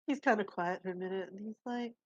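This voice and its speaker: A woman's voice: mid-range voice, fast talker, no echo. Woman, hesitant roleplay narration, muffled lo-fi mic, dry. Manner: hesitant, filler-heavy. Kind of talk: casual improv roleplay narration.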